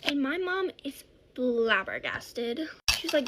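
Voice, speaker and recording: A woman's voice: fairly high pitch, unhurried, noisy background. A woman telling a childhood story in a casual, rambling way, often correcting herself. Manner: rambling, self-correcting, animated.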